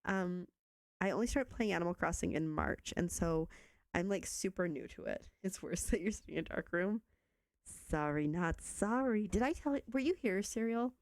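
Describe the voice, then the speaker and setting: A woman's voice: fairly low pitch, lively intonation, normal speed, no echo, clean studio sound. A young woman chatting casually with viewers while she plays a video game, bubbly and self-teasing. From Canada. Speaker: streamer. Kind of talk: casual live-stream chat while playing a video game.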